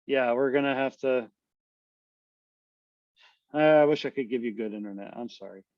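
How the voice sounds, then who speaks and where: A man's voice: medium pitch, moderate pace, no echo, lo-fi sound. A man lecturing a university class online in a casual, conversational way, often checking in with "right?" to his students. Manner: loose, conversational, full of tag questions.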